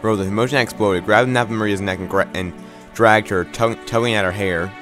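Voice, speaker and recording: A man's voice: fairly low pitch, steady tone, fast talker, a bit bright, soft background music. A man reading a visual novel aloud, stumbling and restarting words, with wry asides.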